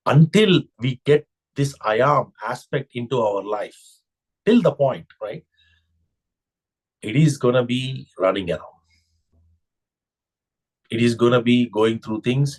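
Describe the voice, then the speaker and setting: A man's voice: mid-range voice, breathy edge. Man giving a reflective spiritual talk. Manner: reflective, asks rhetorical questions. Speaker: spiritual teacher. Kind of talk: spiritual discourse.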